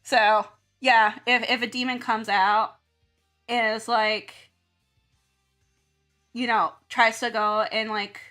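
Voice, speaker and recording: A woman's voice: fairly high pitch, level tone, slow pace, long pauses, bright, forceful tone, soft background music. A woman from the South, chatting casually on stream, rambling and laughing often as she acts out her own reactions. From American South. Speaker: art streamer and teacher. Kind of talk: casual chat while drawing on stream.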